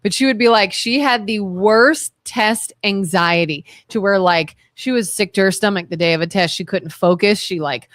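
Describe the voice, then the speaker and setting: A woman's voice: mid-range voice, moderate pace, hardly any pauses, a bit bright, dry recording, clean studio sound. A woman co-hosting a radio talk show, chatty and telling stories, with an Ohio accent. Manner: chatty, storytelling. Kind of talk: casual conversational talk. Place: radio studio.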